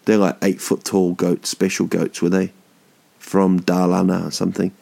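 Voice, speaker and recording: A man's voice: low-pitched, monotone, normal speed, creaky, warm tone. A man in his thirties hosting a podcast, rambling through a jokey, swearing monologue that drifts off topic. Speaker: podcast host.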